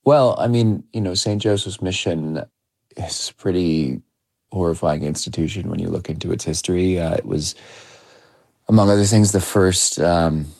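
A man in his thirties, a documentary filmmaker, giving measured, reflective interview answers with frequent restarts. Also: low-pitched, creaky, darkish tone, no room sound, clean studio sound. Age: 30s. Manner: measured, with many restarts and hedging fillers.

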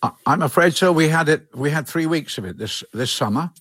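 A man's voice: a little high, animated, fairly quick, a bit bright, husky, dry recording. Chuckling man in his eighties, dry sound. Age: 80s. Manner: chuckling, meandering, frequent restarts. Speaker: author guest. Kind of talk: relaxed conversational interview.

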